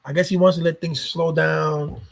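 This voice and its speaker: A man's voice: fairly high pitch, little pitch movement, normal speed, creaky. A man talking casually to his vlog viewers, rambling and swearing freely, often repeating himself. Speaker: YouTuber.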